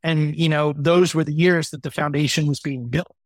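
A man in his forties tells his own story as a guest in an interview. He is animated and acts out the people he quotes. His voice sits fairly high, and the sound is close and dry. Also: moderate pace, no echo. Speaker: guest entrepreneur.

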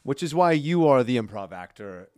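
A man co-hosting a podcast, chatting casually with a lively, swinging pitch and a quick habit of cracking jokes. His voice sits close and dry, as if recorded in a small studio. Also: no echo. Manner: jokey, animated, quick to crack puns. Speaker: podcast co-host; producer. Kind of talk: casual chat.

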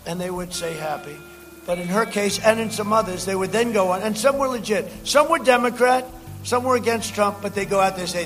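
A man with a high-set voice addresses a campaign rally in a loose, rambling way. He circles back on the same phrases and shouts lines out to the crowd. Faint music plays underneath. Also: fairly quick. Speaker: president speaking at a campaign rally.

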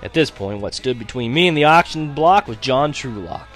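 A man's voice: mid-range voice, expressive, normal speed, fairly bright tone, faint music behind. A man narrating a teen story as an audiobook, in a wry, sarcastic tone that breaks into laughs.

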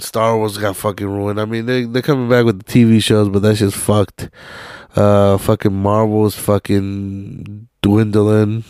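A young man with a fairly low, smooth voice hosts a solo podcast. He rambles in a casual, slangy way and swears nearly every line. The sound is dry and close. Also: a little mellow, dry recording. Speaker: podcast host.

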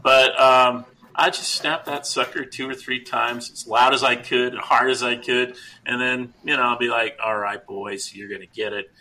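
Middle-aged male podcast co-host, rambling and jokey, bright and gravelly. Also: medium pitch, flat delivery, normal speed, few pauses, rough recording. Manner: rambling, self-interrupting, jokey. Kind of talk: casual storytelling chat.

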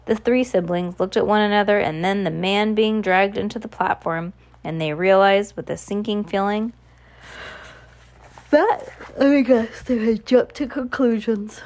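A woman's voice: mid-range voice, measured pace, darkish tone. A woman reading a novel aloud, who sometimes stumbles and corrects herself. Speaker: audiobook reader.

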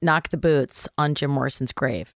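This middle-aged actress has a bass voice and a moderate pace as she guests on a podcast. She tells an anecdote casually, acting out quotes with animation and swearing offhandedly, in clean studio sound without echo.

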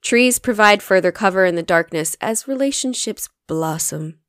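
Lively, giggly young woman podcast co-host. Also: mid-range voice, normal speed, no room sound, studio quality. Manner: giggly, playful, tells the episode's topic. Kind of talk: casual chat.

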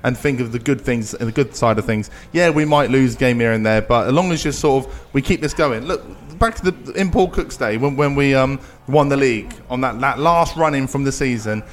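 A man's voice: mid-range voice, fairly quick, few pauses. A man appearing as a guest fan on a pub podcast, talking enthusiastically. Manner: upbeat, enthusiastic. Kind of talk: casual pub chat.

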